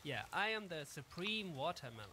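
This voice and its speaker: An actor voicing a supreme watermelon being who talks in a casual, offhand, slightly awkward way. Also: male voice, a little high, big pitch swings, normal speed, noisy background. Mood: laid-back. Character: laid-back supreme watermelon being, male.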